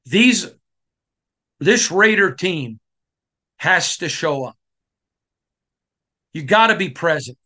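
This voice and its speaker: A middle-aged man from Michigan hosting a sports podcast, giving a passionate, emphatic monologue that climbs to shouting. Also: fairly high pitch, animated, slow pace, long pauses. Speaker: podcast host.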